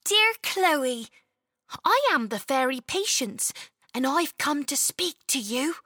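Storybook fairy, small, kind, gentle; bright and high, put on by a woman narrator. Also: very animated, slow, no room sound, clean studio sound, heavily acted.

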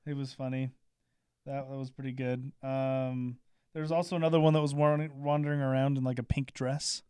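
A man with a smooth, clean voice chats on a podcast, hesitant and full of fillers. The sound is dry and close. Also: mid-range voice, little pitch movement, fairly quick, mellow, no echo. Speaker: guest salesperson. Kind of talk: casual chat.

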